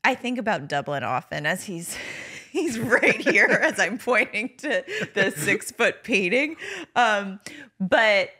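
A woman's voice: medium pitch, lively intonation, takes it slowly. A woman in her thirties co-hosting a podcast, chatting casually and laughing often as she tells fond stories. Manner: warm, laughs often, affectionate storytelling. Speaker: podcast co-host. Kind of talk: casual chat.

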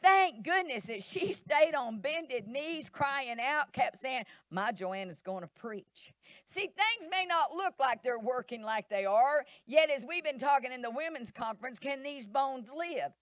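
A woman's voice: sits high, expressive, measured pace, fairly bright tone, no room sound, clean studio sound. A middle-aged woman pastor, preaching a sermon in a church, emphatic and repetitive, acting out quoted voices.

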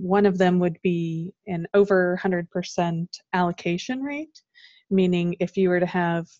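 A woman, a guest advisor, calmly explaining financial products. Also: fairly low pitch, no room sound. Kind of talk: casual explanatory chat. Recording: dull lo-fi sound.

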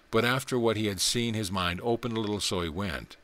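A man narrating a spiritual text and parable as an audiobook reader, in a measured, earnest way. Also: fairly low pitch, sharp tone. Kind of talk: scripted narration.

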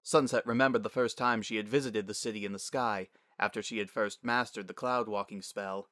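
Male narrator, dramatic reading, low pitch, crisp dry sound, expressive pacing. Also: no room sound. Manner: expressive, measured storytelling.

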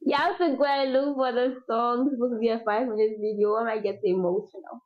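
A woman's voice: a little high, steady tone, fast talker. Chatty young woman vlogger, lo-fi. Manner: chatty, laughs often, sings snatches of songs. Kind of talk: casual chat. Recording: dull lo-fi sound.

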